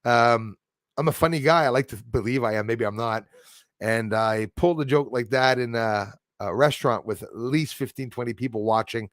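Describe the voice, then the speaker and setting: A man's voice: mid-range voice, moderate pace, no room sound, clean studio sound. A man hosting a livestream, chatting casually and jokily while answering viewer comments, with frequent chuckles. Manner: rambling, jokey, chuckles often.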